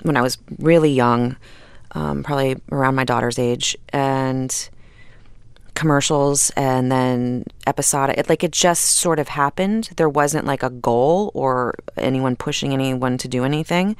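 A middle-aged actress chatting as a radio interview guest, rambling with fillers and restarts and laughing often. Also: female voice, very deep voice, measured pace, smooth, no room sound. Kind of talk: casual interview conversation.

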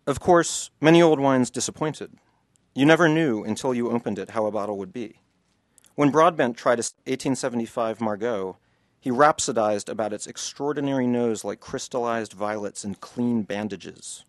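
A man's voice: medium pitch, moderate pace, no room sound, clean studio sound. A man, an author, reading passages from his book to an audience and then answering questions in a loose, chatty way.

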